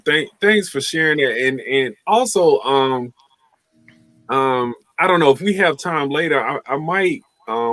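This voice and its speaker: A man moderating a panel conversation, asking questions in a hesitant way with many pauses. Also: medium pitch, fairly bright tone, no room sound. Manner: hesitant, many fillers and restarts.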